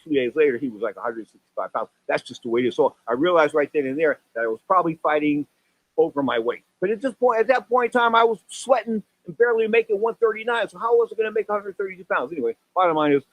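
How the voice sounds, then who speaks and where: A man in his sixties hosting a boxing radio talk show, rambling through stories and jumping up in pitch for exclamations and acted-out quotes. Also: fast, no room sound, muffled recording. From San Francisco Bay Area. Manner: animated storyteller, voice jumps up for exclamations and acted quotes.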